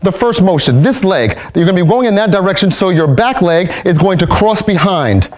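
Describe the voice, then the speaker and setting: A man leads kung fu movement drills, calmly explaining the steps and barking out counts as he demonstrates. His voice is high and brisk.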